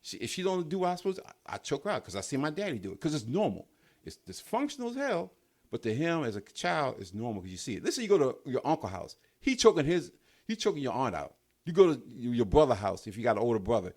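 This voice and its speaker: A man hosting a podcast in casual chat, animated and profane, who acts out scenes as he talks. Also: mid-range voice, fast talker. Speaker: podcast host.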